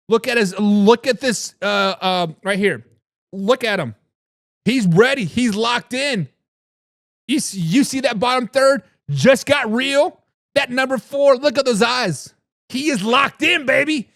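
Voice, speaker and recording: A man with a strikingly high, bright voice hosts a fan sports show, pumped up and riffing on his team. He calls out repeated catchphrases and fires back at viewer comments, a beer in hand, all captured with a close, dry sound. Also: unhurried, creaky, no room sound. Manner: hype, repeats catchphrases, says "baby"; reads and answers viewer comments. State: drinking beer. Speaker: sports talk host. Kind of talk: hyped live sports talk.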